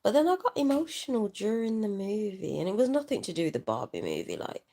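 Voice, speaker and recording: A young woman rambling softly in an unplanned livestream chat, sad and tearful, talking into a handheld phone. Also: medium pitch, very animated, quick pace. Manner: rambling, soft-spoken, trailing off. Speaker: vlogger.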